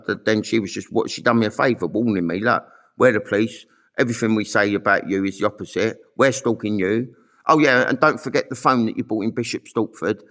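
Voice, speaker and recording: A middle-aged man with a fairly low, slightly bright voice talks angrily to camera. He tells his own story in a blunt, sweary, rambling monologue packed with fillers.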